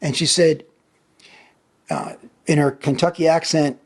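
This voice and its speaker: A man in his sixties from California, telling stories as a podcast guest in a chatty, animated way. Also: a little high, measured pace. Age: 60s. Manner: animated, chatty, acts out voices. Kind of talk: casual storytelling.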